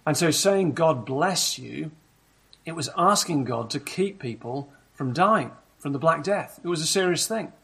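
A man preaching a sermon in a measured, explanatory way, often asking rhetorical questions of the congregation. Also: on the high side, expressive, fairly bright tone, slightly rough.

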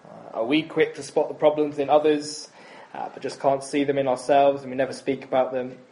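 A man's voice: mid-range voice, level tone, brisk, warm tone, rough recording. A man in his thirties preaching a sermon in a chatty, self-deprecating way, with frequent ums and asides.

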